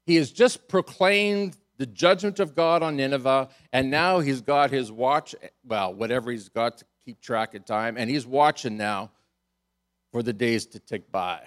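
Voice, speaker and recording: A male pastor delivering a sermon in a voice of ordinary middle pitch. He retells the scripture with animated, amused energy and breaks into chuckles along the way. He restarts and doubles words as he leans into a point. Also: unhurried.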